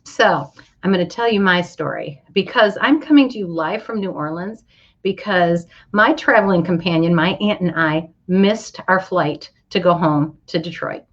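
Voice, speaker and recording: A woman's voice: lowish voice, moderate pace, highs cut off. A woman hosting a motivational livestream, talking straight to her viewers and greeting them by name with lots of enthusiasm. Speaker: livestream host. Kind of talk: upbeat motivational livestream talk. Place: hotel or travel location, indoors.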